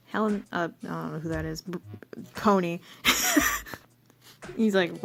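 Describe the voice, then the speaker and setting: A woman's voice: lowish voice, animated, takes it slowly, gravelly, long pauses, fairly bright tone. A young woman rambling through her old comic with self-mocking casual commentary.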